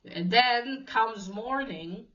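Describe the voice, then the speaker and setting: Slow, hesitant woman with a bright voice. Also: on the high side, highs cut off. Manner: hesitant, many fillers and restarts. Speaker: comic book reviewer. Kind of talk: casual retelling of a story.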